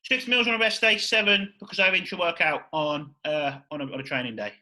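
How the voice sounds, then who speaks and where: Brief: male podcast host, high bright voice, fired-up and profane in loose chat. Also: fast talker, poor audio. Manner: excitable, swears a lot, repeats "you know what I mean". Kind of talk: casual chat.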